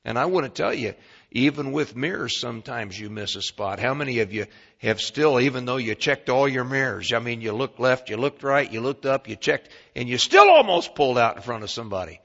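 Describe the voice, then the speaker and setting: A man preaching a sermon as pastor, emphatic and swinging between quiet and loud. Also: medium pitch, lively intonation, fairly quick, creaky. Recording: dull lo-fi recording.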